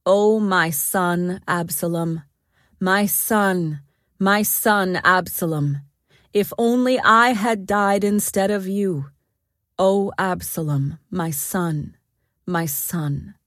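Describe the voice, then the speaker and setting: A woman voicing a grieving old king who mourns his son in a slow, drawn-out lament. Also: fairly low pitch, dry recording, studio quality.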